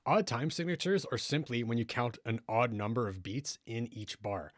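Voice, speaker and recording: A man's voice: medium pitch, normal speed. A man teaching music production in a tutorial, explaining step by step and often checking in with the listener. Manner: patient, explains step by step and keeps checking in with "right?".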